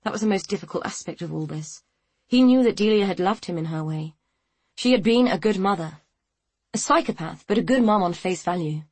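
A woman reading a novel aloud in a measured, even storytelling manner. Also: lowish voice, husky, dry recording. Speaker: audiobook narrator. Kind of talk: scripted narration.

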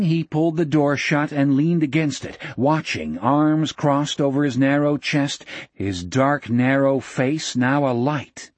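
A man reads an audiobook in a steady, measured way. His voice is husky and mid-pitched. It is recorded close in a dry space. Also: no echo. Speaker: narrator. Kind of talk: audiobook narration.

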